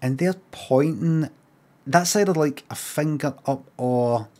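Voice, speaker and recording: A middle-aged Scottish man streaming, chatting casually, rambling and swearing, and mocking signs in lively put-on voices. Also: fairly high pitch, slow pace. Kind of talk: casual livestream chat.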